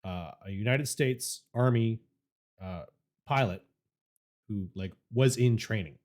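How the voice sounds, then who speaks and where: A man's voice: on the low side, slow, darkish tone. A young adult man on a podcast, telling a story in a casual way and swearing freely. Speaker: podcast co-host.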